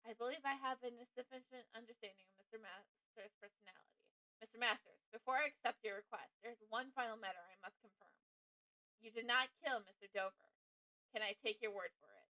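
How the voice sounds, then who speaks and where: A woman voicing a composed, dignified male defense attorney with a measured, formal way of talking. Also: fairly high pitch, bright, forceful tone, no echo, poor audio.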